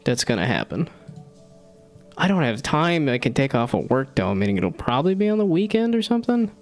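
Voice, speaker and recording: A man's voice: medium pitch, very animated, brisk, faint music behind. A man in his thirties chatting casually on a live stream, rambling and self-deprecating, laughing often. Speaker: streamer and hobby game developer.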